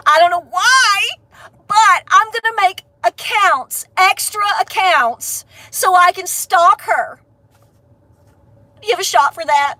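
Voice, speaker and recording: A woman's voice: very high voice, slow, sharp tone, no echo, heavily acted. A woman with a Southern Appalachian accent mocking a whiny, self-pitying online hater, with sarcastic, whining delivery. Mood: mocking whine.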